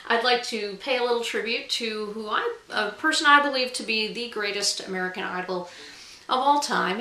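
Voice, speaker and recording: A woman's voice: a little high, pushed and bright, roomy sound, slight background noise, poor audio. A woman author talking casually straight to camera in a chatty, self-deprecating way, with frequent ums. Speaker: author and guest vlogger.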